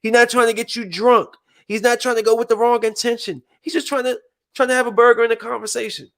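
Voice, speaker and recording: A man's voice: very high voice, fast, creaky. A man hosting a podcast in casual chat, talking animatedly and acting out the people he quotes. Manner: animated, acts out quoted voices. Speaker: podcast host.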